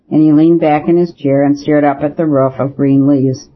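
A man reading a novel aloud, with a measured, even delivery and light shifts for the characters. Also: a little high. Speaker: audiobook narrator. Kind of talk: scripted narration of a novel. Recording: dull lo-fi audio.

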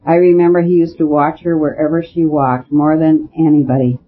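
A man reading the part of a rough, blunt army captain in a storybook, speaking roughly and sharply. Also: a little high, little pitch movement, brisk, lightly acted. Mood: grieving. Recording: dull lo-fi with faint hiss.

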